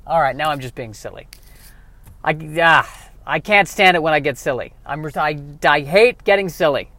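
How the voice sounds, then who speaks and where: A man's voice: a little high, animated, normal speed, no echo. Man riffing through a silly monologue. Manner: self-mocking, riffing, jumps between hush and bursts. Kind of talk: rambling comedic monologue.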